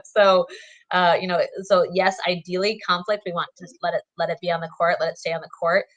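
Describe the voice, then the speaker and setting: A woman's voice: fairly low pitch, flat delivery, a little fast, a bit bright. A woman guest on a podcast, talking casually and laughing often, with plenty of fillers. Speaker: guest, therapist and co-author.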